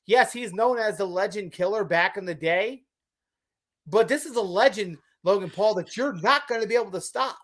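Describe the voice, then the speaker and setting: A woman's voice: medium pitch, normal speed. A woman co-hosting a live wrestling podcast, speaking emphatically and laughing often. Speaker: podcast co-host. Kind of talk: casual wrestling chat.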